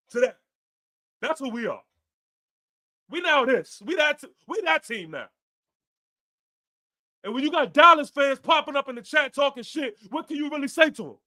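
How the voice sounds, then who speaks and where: A man with a very high, sharp, bright voice rants on a live fan stream. He curses freely and hammers the same lines over and over, fired up and relentless. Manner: profane, repetitive, fired-up ranting. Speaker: fan podcast host. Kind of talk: ranting live post-game stream.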